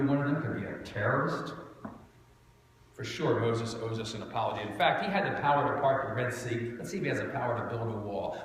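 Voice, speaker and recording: A man's voice: medium pitch, a bit bright. A male pastor with a southern New Jersey accent, preaching a sermon with sarcastic, mock-outraged humor. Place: church sanctuary. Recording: echoey church hall with faint noise.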